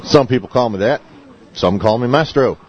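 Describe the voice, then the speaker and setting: A man's voice: mid-range voice, moderate pace, darkish tone, lightly acted. An actor playing a laid-back, wisecracking male collector in a comedy radio play, with a dry, offhand delivery. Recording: slightly muffled recording.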